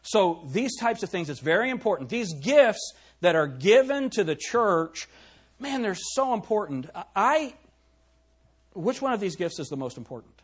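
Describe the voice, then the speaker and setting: Middle-aged male pastor, husky voice, lively pitch, conversational sermon full of questions to the pews. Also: normal speed. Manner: animated preaching, rhetorical questions to the congregation. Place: church.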